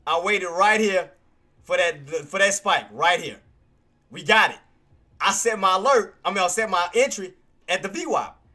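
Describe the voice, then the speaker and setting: Male livestreamer, high bright voice, excitable, repetitive, faint music behind. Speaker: livestream trading streamer. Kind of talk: live commentary chat.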